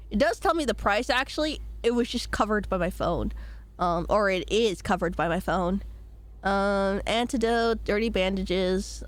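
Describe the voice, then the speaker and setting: Casual woman game streamer, slightly hoarse, playful and giggly, a touch high-pitched.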